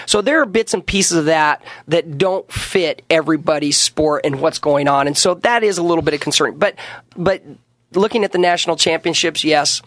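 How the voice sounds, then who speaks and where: A middle-aged wrestling coach talks in a rambling, earnest way, circling back and repeating himself. His voice sits a little high. The studio mic is close and dry. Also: normal speed, fairly bright tone, no echo. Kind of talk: casual radio interview. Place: radio studio.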